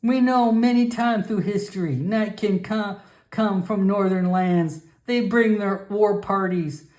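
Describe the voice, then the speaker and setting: A man's voice: high-pitched, a little slow, darkish tone, voice pushed up. A man voicing a stern old female frog-folk shaman who scolds in broken, clipped speech. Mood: scolding. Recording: echoey room.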